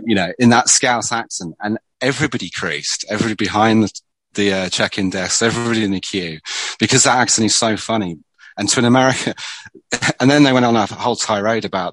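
A man's voice: lowish voice, moderate pace, a bit bright, no echo, low-quality recording. A man, a screenwriter, telling stories in casual conversation with many restarts. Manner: chatty storyteller, many restarts. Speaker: screenwriter guest.

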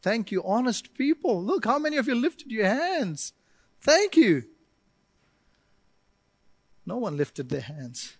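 A man pastor preaching a sermon at a church service, animated and joking with the congregation, at times building to emphatic shouting. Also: high voice, slow pace, long pauses, dry recording.

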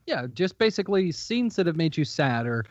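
A man co-hosting a podcast, talking earnestly and deliberately, with pauses. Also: a little high, big pitch swings, darkish tone, no echo, highs cut off. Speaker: podcast co-host. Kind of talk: casual chat.

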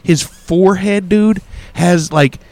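A man's voice: high voice, slow, a little mellow, slight background noise. A young man telling a wild story in casual chat, laughing often and acting out voices and sounds.

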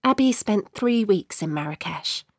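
A woman narrating a short story in a measured, expressive way. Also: medium pitch, no room sound, studio quality.

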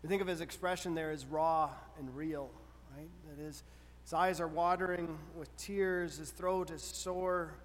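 A man preaching a sermon in an earnest, measured way, often pausing to ask rhetorical questions. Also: a little high, fairly even intonation, in a large hall. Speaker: pastor.

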